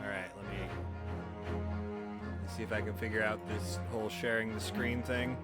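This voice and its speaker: A man's voice: on the low side, little pitch movement, normal speed, loud music behind the voice. A man hosting a casual livestream, jokey and upbeat as he greets viewers. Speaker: livestream host. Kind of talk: casual stream chat.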